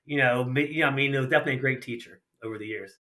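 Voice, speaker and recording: A man's voice: medium pitch, racing. A middle-aged man from Ohio, a retired racer, telling casual stories on a podcast and acting out the dialogue of the people in them. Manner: animated anecdotes with lots of acted-out dialogue and casual slang. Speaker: guest, retired sprint car racer. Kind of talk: casual storytelling in a podcast interview.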